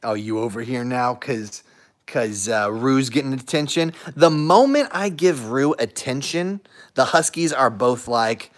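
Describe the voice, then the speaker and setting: A man's voice: medium pitch, expressive, slow, pauses often. Playful young man chatting on a livestream. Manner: playful, talks to his pets in soft baby talk and voices their thoughts. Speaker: livestream host with dogs. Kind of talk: casual livestream chat.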